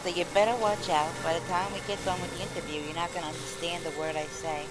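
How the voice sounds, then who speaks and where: A woman's voice: on the low side, fast, over loud music, poor audio. A woman with a New York accent chatting casually while she streams a zombie shooting game. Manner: chatty, animated, lively storytelling. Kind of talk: casual gameplay chat. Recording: loud game gunfire under voice. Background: zombie shooter game sounds and gunfire.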